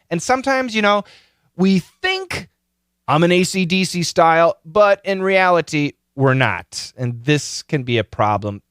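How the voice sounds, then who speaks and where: Lively man hosting an advice podcast. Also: dry recording, studio quality. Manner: animated, explanatory, pitch leaping on key words. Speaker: podcast host. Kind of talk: casual advice talk.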